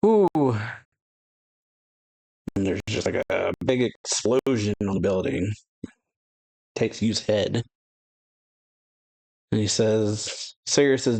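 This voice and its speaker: A man with a lowish, somewhat mellow voice hosts a reaction channel, speaking slowly with frequent pauses in a dry recording. He casually reads and paraphrases a manga chapter aloud, voicing character dialogue, chuckling often, and correcting himself in loose, rambling narration.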